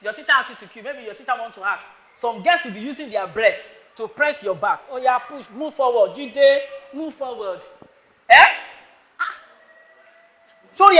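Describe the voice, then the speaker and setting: A man's voice: very high voice, animated, normal speed, pauses often, bright, forceful tone, a little hiss or hum. A man with a Nigerian accent preaching a sermon to students. He scolds them with rhetorical questions and calls on listeners by name. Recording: echoey hall.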